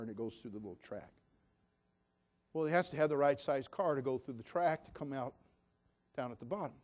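A man's voice: mid-range voice, a little mellow. An older man preaching a sermon in a folksy, homespun storytelling way with fervent conviction.

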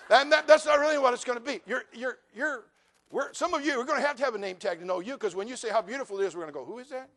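A male pastor preaching a sermon, animated and humorous, acting out voices of people in his congregation. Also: extremely high pitch, racing.

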